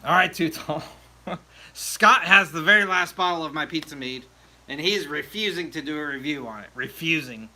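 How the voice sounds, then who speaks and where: Chatty male livestream host, bright tense voice, slightly high, laughs at his own jokes. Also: moderate pace. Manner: chatty, laughs at himself, reads viewer comments aloud. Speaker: home mead maker hosting a livestream. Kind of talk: casual livestream chat. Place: home meadery.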